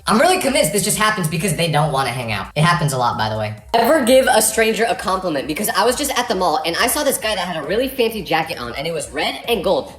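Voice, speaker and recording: A young woman from California telling comedic stories to the camera in an animated, exasperated ranting manner. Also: medium pitch. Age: young adult. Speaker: storyteller. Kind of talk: comedic storytime monologue. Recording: roomy with faint music.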